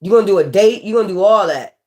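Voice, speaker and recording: A woman's voice: mid-range voice, expressive, quick pace, mellow. Blunt, profane woman tarot reader. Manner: repetitive, emphatic. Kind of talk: casual tarot reading rant.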